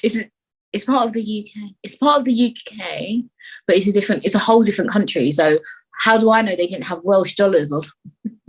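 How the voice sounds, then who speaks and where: Husky woman, chatty podcast host. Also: mid-range voice, fairly quick, rough recording. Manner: chatty, swears freely, rambles off on tangents. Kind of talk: casual solo chat.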